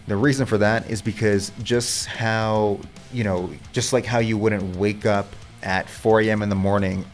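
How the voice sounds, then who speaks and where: A laid-back male vocal coach talks viewers through warm-up exercises, chatty and unfiltered. His voice sits on the low side, with faint guitar music playing underneath. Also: fairly even intonation, normal speed. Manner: casual and chatty, with loose swearing. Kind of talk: casual instructional talk.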